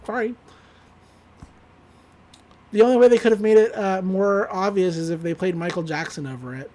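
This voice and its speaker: Casual podcast co-host, chatty and loose, recapping plot with fillers and quick laughs. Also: medium pitch, a little mellow. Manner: rambling, quotes characters with "he's like"; frequent fillers, laughs while recounting. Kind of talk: casual chat.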